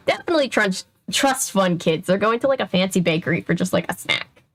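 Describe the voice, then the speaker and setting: Twenties girl reading a kids mystery to her chat, chatty, laughs a lot, keeps breaking off mid-sentence, mid pitch. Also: expressive, a little fast. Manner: chatty, self-interrupting, laughing often. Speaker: channel host. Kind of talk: casual reading with live chat.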